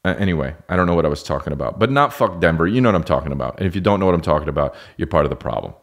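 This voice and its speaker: A man's voice: rumbling low, expressive, racing. A man hosting a podcast, rambling through a profane, self-mocking comedic monologue that keeps going off track. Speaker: podcast host.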